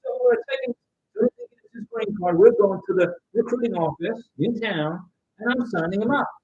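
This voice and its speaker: Loud, animated man hosting a livestream. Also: high voice, moderate pace, slightly rough, lo-fi sound. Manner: loud, animated, at times yelling. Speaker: livestream host giving visa advice. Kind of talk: casual livestream chat reading viewer comments. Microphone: home microphone with interference noted by viewers.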